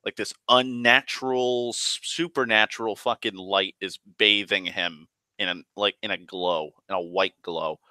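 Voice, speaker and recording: A man's voice: fairly low pitch, fairly even intonation, unhurried, hardly any pauses, sharp tone, no echo. A man casually recounting a tabletop game session, rambling and profane, full of fillers and restarts. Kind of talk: casual spoken storytelling.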